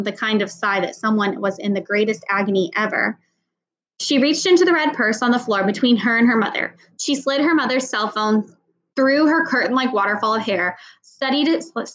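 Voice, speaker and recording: A woman reading a children's novel aloud in steady storytelling narration. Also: medium pitch, poor audio. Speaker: audiobook reader.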